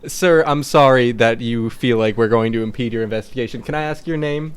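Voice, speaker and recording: A man playing a slick fake detective who lays on the flattery, polite to a fault. His voice sits in a middle register, an everyday player's character voice at a game table. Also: mid-range voice, brisk, clear, resonant tone, close to an everyday voice. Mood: schmoozing. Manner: overly polite schmoozing. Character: smooth-talking fake male detective.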